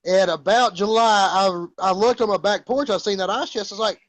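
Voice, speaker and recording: A man chatting as a guest, telling an easygoing story in a relaxed way. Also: high voice, a little fast, dry recording. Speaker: guest in a casual chat.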